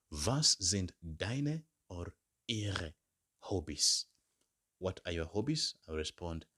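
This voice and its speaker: A man teaching beginner German phrases in English, slowly modelling each phrase and repeating words for learners. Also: sits low, fairly bright tone. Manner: slow, drawn-out modelling of example phrases. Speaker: German language tutor.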